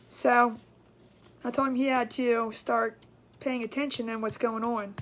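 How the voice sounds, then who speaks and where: A high-pitched woman chatting on a crafts livestream. She rambles, retells conversations and stretches out her hellos to viewers in a sing-song way. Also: little pitch movement, measured pace, fairly bright tone. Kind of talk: casual livestream chat.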